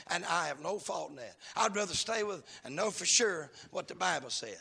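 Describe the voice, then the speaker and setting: A middle-aged man preaching a fervent sermon. He shouts with a sing-song cadence. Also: high-pitched, lively intonation, moderate pace, creaky, husky.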